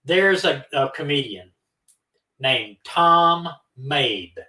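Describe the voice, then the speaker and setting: Animated man telling phone stories. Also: fairly high pitch, very slow, far from the mic. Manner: animated, acts out both sides of phone calls. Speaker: co-host of a true-crime live stream. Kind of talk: casual storytelling. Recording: roomy, from off the mic.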